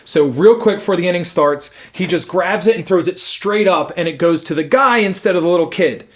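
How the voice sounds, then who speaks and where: A young man co-hosting a podcast, telling a story in casual chat, animated and swearing as he acts out what people said. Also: high-pitched, brisk. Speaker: podcast co-host.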